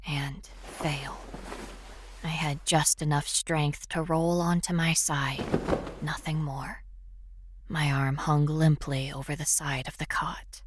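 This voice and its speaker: A young woman narrating a horror story in first person, often in a hushed, whispery voice. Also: sits low, a little hiss or hum. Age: young adult.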